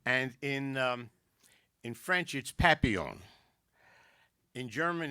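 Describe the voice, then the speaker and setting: A man doing a stand-up comedy set, telling jokes with quick wisecracks and asides. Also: medium pitch, expressive, bright, forceful tone, no room sound, clean studio sound. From South Philadelphia. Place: community arts center.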